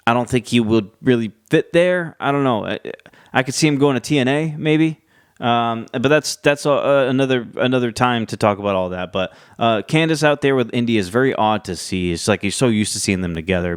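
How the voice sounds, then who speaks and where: Man, casual recap host, chatty, mid-pitched voice, dry close mic. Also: smooth, no echo. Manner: chatty, acts out quotes in lively voices. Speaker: wrestling show recap host.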